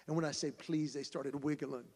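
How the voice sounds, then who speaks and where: A man giving a storytelling speech to an audience, animated and acting out voices as he goes. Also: on the high side, normal speed. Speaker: speaker at a fundraising event. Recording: long hall reverb.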